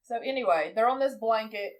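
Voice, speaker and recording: Lively high-voiced woman recapping a film. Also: brisk. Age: 30s. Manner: animated, acts out movie lines while retelling. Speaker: podcast co-host. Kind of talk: casual film recap chat.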